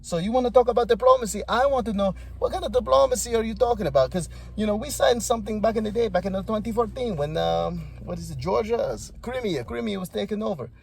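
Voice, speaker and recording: An exasperated foreign leader pressing his case, voice lifted and insistent, as a man puts him on. He fires off rhetorical questions with a gravelly edge underneath. It comes across as a casual impression inside a commentary video. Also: high-pitched, fast talker, few pauses, pitched above the performer's own voice.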